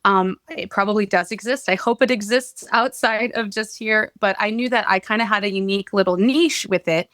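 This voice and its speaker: A woman's voice: medium pitch, fairly quick, few pauses, fairly bright tone, dry recording. Enthusiastic woman guest. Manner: enthusiastic, open, talkative. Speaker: guest, social media creator. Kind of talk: casual interview chat.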